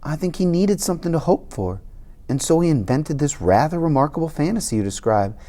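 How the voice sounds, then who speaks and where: A reader doing a gentle, sorrowful woman doctor. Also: medium pitch, expressive, close to an everyday voice. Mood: gently sad. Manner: soft, slow and quiet. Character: kind sad woman doctor, gentle and weary. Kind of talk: audiobook character voice.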